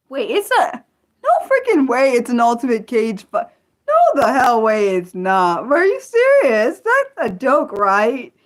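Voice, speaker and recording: An American woman chats through a casual livestream in a lively voice that swings high and low. She talks excitably, breaks off her sentences to start again, and blurts out exclamations and the odd curse. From United States. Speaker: livestream host. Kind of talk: unscripted livestream chat reading viewer comments.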